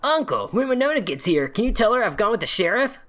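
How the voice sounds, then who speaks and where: A man voicing a peppy young male video game hero in a bright, cartoonish put-on voice. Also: high voice, very animated, fast, voice pushed up.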